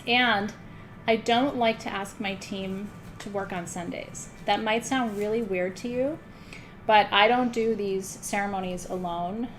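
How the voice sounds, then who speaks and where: A woman's voice: mid-range voice, a little slow, faint music behind. A middle-aged woman hosting a live-streamed spiritual ceremony, chatting casually, joking about herself and swearing lightly. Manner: joking, self-mocking, swears casually, laughs often. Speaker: host of an online spiritual ceremony.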